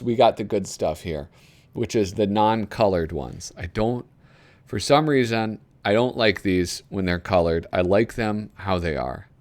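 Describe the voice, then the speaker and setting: A man with a lowish voice that swings widely in pitch as he talks. He reads items aloud, chuckles often and rambles in a casual, chatty way. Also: darkish tone. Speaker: video host flipping through a magazine. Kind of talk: casual commentary.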